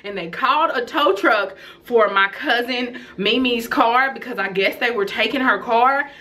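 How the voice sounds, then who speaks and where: A woman's voice: a little high, normal speed, pushed and bright. A young woman, casually telling a story to her viewers, often laughing as she talks. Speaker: storytelling vlogger.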